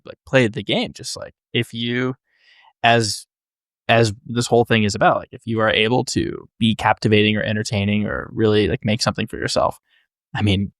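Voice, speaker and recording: Relaxed, rambling podcast host man. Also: lowish voice, no echo, studio quality. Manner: relaxed, rambling, repeats words while thinking. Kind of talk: casual interview chat.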